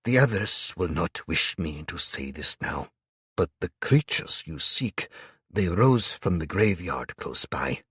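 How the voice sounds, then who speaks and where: A grave, gentle older imam in an audiobook, speaking in hushed tones at a very unhurried pace, as a man voices him. The voice is husky and low, with a dry, close sound. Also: very animated, no room sound, exaggerated voice. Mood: sorrowful.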